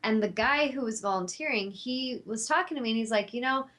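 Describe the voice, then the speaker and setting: Brisk, a little high, and fairly bright, the woman's voice carries a personal story on the show she hosts. It comes across heartfelt and spiritual, slightly rambling and peppered with fillers.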